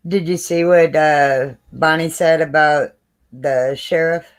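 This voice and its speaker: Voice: medium pitch, steady tone, takes it slowly. A co-host on a talk show, chatting casually and mostly giving brief, agreeing replies.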